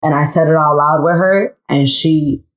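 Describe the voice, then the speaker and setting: A woman co-hosting a podcast, telling a personal story in a relaxed, heartfelt way and often repeating herself. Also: sits low, normal speed, low-quality recording. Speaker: podcast co-host. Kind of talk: casual storytelling among friends.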